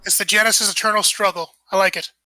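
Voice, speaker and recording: Bright-voiced woman game master. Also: mid-range voice, fairly even intonation. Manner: thinking aloud, halting. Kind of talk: narrating a tabletop game.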